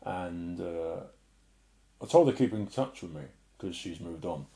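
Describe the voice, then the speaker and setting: A middle-aged man sharing an emotional personal testimony and preaching in an earnest way, often sinking to a soft murmur. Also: low voice, animated, unhurried. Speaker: Christian speaker.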